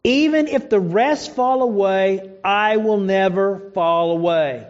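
A man's voice: high voice, slow. A man voicing a boastful, self-assured apostle who insists he is strong, in a dull lo-fi recording. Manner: insistent, proud.

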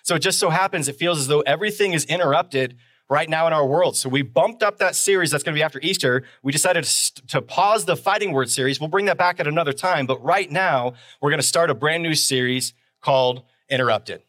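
A man's voice: on the high side, a little fast, a bit bright, dry recording, clean studio sound. A man preaching a sermon as pastor on a live stream, talking conversationally and driving points home with repeated phrases and rhetorical questions.

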